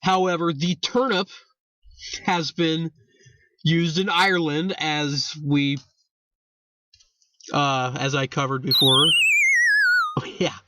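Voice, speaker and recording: A man's voice: on the high side, steady tone, slow, pauses often, bright, forceful tone, dull audio. A young man hosting a casual history talk, rambling, correcting himself and swearing for emphasis. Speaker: host.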